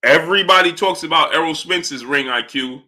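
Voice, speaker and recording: A man's voice: on the high side, normal speed, pushed and bright. A man hosting a casual live stream, talking through his point while he greets viewers by name from the chat.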